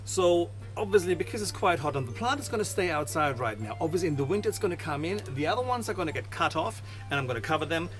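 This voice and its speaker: A man's voice: on the high side, expressive, quick pace, hardly any pauses, soft background music. A man hosting a gardening video outdoors in his garden, chatting casually through a how-to with self-mocking asides.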